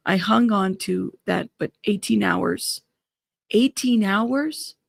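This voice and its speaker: Gravelly-voiced woman hosting a live news stream. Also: mid-range voice, fairly even intonation, slow, no room sound. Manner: reads quotes aloud with startled asides. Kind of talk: live-stream commentary reading court updates.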